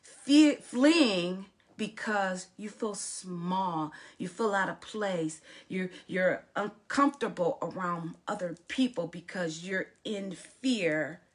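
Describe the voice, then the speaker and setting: A woman's voice: lowish voice, slow pace, hardly any pauses. A woman preaching a sermon, telling a story with dramatic swings in volume and emphasis.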